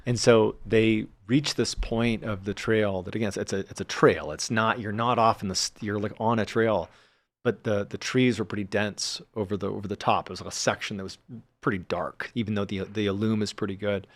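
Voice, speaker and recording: Sex: male. Role: storyteller guest. Style: casual storytelling. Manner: relaxed, filler-heavy. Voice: lowish pitch, dry and close. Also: normal speed, no room sound.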